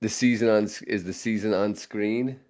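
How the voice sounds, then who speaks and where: A man with a fairly low voice hosts a casual podcast chat. He rambles along, restarting sentences and dropping in fillers. His delivery stays loose and conversational. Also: fairly even intonation, moderate pace, darkish tone. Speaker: podcast host. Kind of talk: casual chat about movies.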